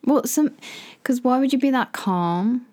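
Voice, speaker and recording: A woman co-hosting a casual podcast, chatty and quick to laugh, often asking questions. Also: high-pitched, animated, darkish tone. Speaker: podcast co-host. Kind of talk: casual chat.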